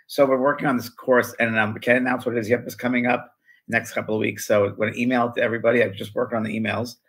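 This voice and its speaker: A man's voice: medium pitch, flat delivery, racing, fairly bright tone, poor audio. An older man co-hosting a spiritual talk show, telling stories casually with lots of fillers and restarts. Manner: rambling, with many fillers and restarts. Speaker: co-host, spiritual medium. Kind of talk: casual conversational storytelling.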